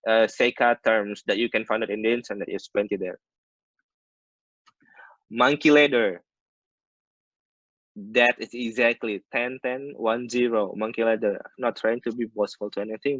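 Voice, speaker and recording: A man's voice: medium pitch, fairly bright tone, no room sound. Indonesian man teaching maritime English online. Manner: explains terms by switching between English and Indonesian glosses, many restarts. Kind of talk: online class lecture. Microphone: video call. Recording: muffled online call audio.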